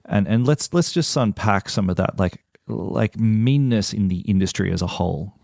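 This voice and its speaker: A man hosting an interview podcast, reflecting on his guest's stories in a measured, thoughtful way. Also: fairly low pitch, vocal fry, darkish tone, no room sound, studio quality. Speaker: podcast host. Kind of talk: conversational interview.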